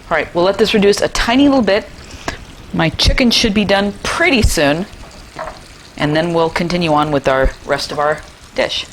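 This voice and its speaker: A middle-aged woman with a slightly low voice walks viewers through a recipe in her kitchen. She is chatty and enthusiastic, tossing in playful asides, with a faint hiss of noise behind her. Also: moderate pace. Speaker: cooking show host. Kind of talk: cooking demonstration.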